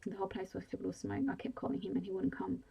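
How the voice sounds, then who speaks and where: A woman in a whispered role-play, voicing a panicking young mother desperate to save her trapped child, in a soft breathy voice. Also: medium pitch, completely flat delivery, rapid-fire. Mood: pleading.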